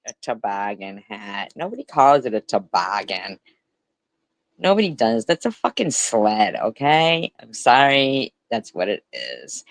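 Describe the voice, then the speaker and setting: A man talks over a clip with heavy sarcasm, mocking and swearing often. He speaks slowly and deliberately. His voice is recorded dry and close, with no room sound. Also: mid-range voice, huge pitch swings, no room sound, poor audio. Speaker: commentary host. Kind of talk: profane reaction commentary.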